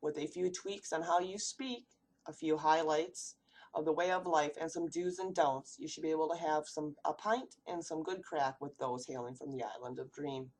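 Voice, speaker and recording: Low-voiced american woman reading her class presentation, steady, asks questions then answers them. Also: moderate pace. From United States. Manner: steady, read-aloud delivery with rhetorical questions. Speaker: student presenter.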